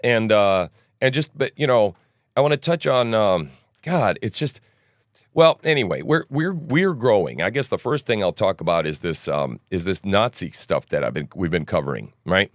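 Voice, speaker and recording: Low-voiced man rambling through commentary. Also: expressive, moderate pace, no room sound, studio quality. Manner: rambling, frequent "right?" asides, joking. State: morning voice. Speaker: news commentary podcast host. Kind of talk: casual livestream commentary.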